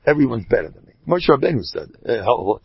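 A man, giving an animated Torah lecture. His gravelly, husky voice swings widely in pitch as he tells stories. The recording is dry and dull, lo-fi. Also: fast talker, no room sound. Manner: animated storyteller, jumps between Hebrew terms and English slang. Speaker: rabbi giving a class.

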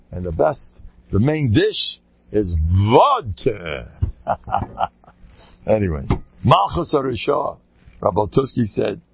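A man with a gravelly, husky voice tells meandering anecdotes with jokes. He restarts sentences often and wanders off into asides. The recording is dry and a little dull. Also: mid-range voice, no echo. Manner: digressive, joking, many restarts. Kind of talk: rambling anecdotal talk with jokes.

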